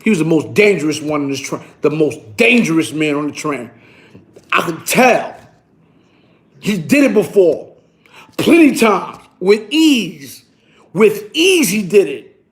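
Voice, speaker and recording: A man telling a story on his vlog in an animated, boastful way, full of slang and repeated phrases. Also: fairly high pitch, a little slow, pauses often. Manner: slang-heavy, repetitive, boastful.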